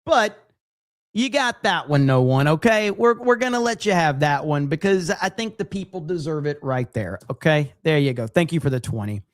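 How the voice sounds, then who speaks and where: Male streamer, casual and profane, slightly high voice, reads chat. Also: expressive, moderate pace. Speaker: livestream host. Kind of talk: casual live-stream chat reacting to clips.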